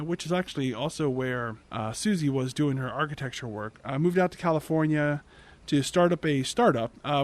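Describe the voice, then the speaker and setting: A podcast host with a voice on the high side recaps a movie plot. He is casual and chatty, frequently restarting and correcting himself mid-sentence.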